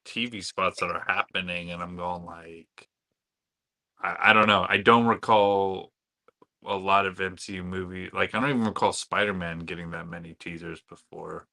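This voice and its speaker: Deep, bright-toned rambling podcast guy. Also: fairly even intonation, normal speed. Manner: rambling, hesitant, full of "like". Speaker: podcast co-host. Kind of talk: casual podcast chat.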